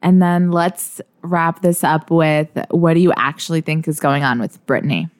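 A woman co-hosts a casual podcast, reading out questions in a somewhat low voice. She teases and pushes her partner with a playful manner. The recording is close and dry. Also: unhurried, no room sound. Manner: teasing, reads listener questions. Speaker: podcast co-host.

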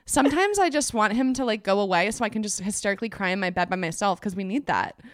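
A woman's voice: medium pitch, lively intonation, fast talker, no echo, studio quality. A young married woman hosting a podcast, talking in an effusive, filler-heavy way. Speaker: podcast host. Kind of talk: casual chat. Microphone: remote call.

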